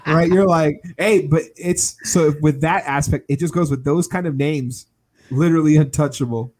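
A man's voice: on the high side, normal speed, darkish tone. A man co-hosting a podcast, joking in laid-back, profane banter. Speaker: podcast co-host.

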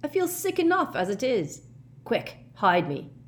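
A woman's voice: mid-range voice, wildly swooping pitch, a little slow, voice pushed up. A woman voicing a nervous, exclamatory teenage schoolboy in a storybook reading. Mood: jittery.

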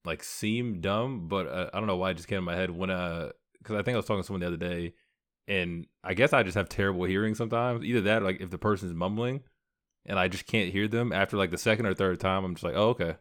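A man co-hosting a casual podcast, telling stories in an animated way. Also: deep voice, quick pace. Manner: animated storyteller, laughs through stories. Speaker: podcast co-host. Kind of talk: casual storytelling chat.

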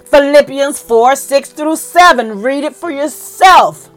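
High-pitched woman preacher, emotional and fervent, folksy delivery, soft music under her. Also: slow. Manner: fervent, emotional, rising to excited peaks. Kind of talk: sermon.

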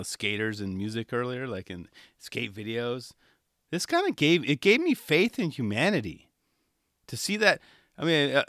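A man's voice: mid-range voice, fairly bright tone, no echo, clean studio sound. A man in his thirties hosting a casual solo podcast, talking with enthusiasm and rambling asides, often slipping into quoted voices. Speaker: podcast host.

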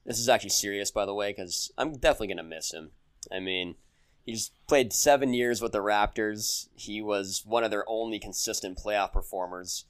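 A man's voice: on the low side, normal speed, clean tone. A young man co-hosting a casual sports podcast, speaking earnestly and sometimes mock-serious. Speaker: podcast co-host. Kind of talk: casual basketball podcast chat.

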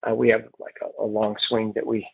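Man, recovery share, halting and earnest, husky voice, dry muffled phone sound. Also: lowish voice, monotone, dry recording. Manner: halting and earnest, with repeated restarts. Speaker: speaker at a recovery meeting. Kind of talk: personal recovery story told to a group.

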